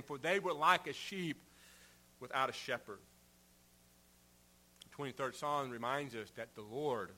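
A man preaching a sermon in an earnest way, rising for emphasis and dropping soft at the ends of phrases. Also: a little high. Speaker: pastor.

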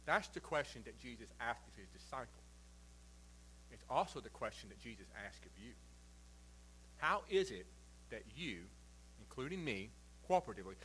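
A male pastor preaching a sermon, reading scripture aloud and then explaining it with swings between quiet and forceful emphasis. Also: mid-range voice, a little hiss or hum, poor audio. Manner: reads scripture then preaches with shifting loud and soft emphasis.

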